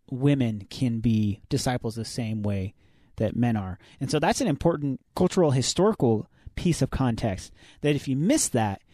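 A man co-hosts a faith podcast, walking through Bible passages in a relaxed, explanatory manner. His voice is mid-pitched and recorded dry, close to the mic. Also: dry recording. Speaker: podcast co-host. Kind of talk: casual faith podcast discussion.

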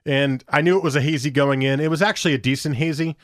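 A man's voice: a little high, steady tone, fast, no room sound, clean studio sound. A man co-hosting a podcast, chatting casually about beer and telling rambling stories with acted-out dialogue. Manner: rambling, storytelling, acts out quoted dialogue. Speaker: podcast co-host.

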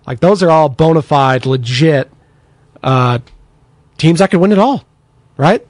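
A man's voice: on the high side, unhurried, no room sound. A man hosting a sports talk radio show, chatting energetically and reading out listener texts. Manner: energetic, chatty, takes text-line messages.

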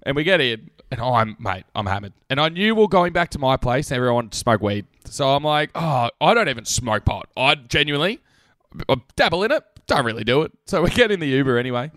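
A young man, telling animated stories in a casual podcast chat and swearing often. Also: mid-range voice, quick pace, no room sound, studio quality. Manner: animated storytelling, swears a lot, laughs often. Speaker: podcast co-host.

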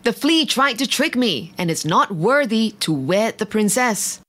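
A woman voicing a stern, quick-tempered old king in a storybook reading, regal and commanding. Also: fairly high pitch, sing-song, fairly bright tone, heavily acted. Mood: disapproving.

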